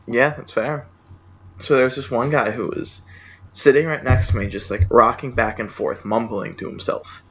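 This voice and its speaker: Young dude spinning a funny party story, swears a lot, muffled lo-fi mic. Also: male voice, medium pitch, normal speed, husky. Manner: animated storyteller, swears, acts out quotes. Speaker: podcast storyteller. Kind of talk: casual campfire storytelling. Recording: dull lo-fi home recording.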